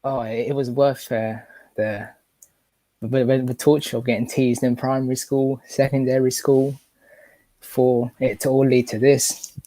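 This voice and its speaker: Man, caller, mellow dark tone, dry close sound, emotional, halting. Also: mid-range voice, little pitch movement, no echo. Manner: emotional and halting, with many restarts. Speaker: caller to a fan show. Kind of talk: casual live chat.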